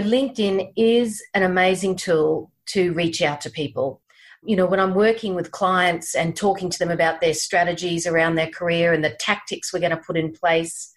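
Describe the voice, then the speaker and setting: A woman career coach speaking as a podcast guest, measured and emphatic, repeating her key points. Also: lowish voice. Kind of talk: casual interview chat.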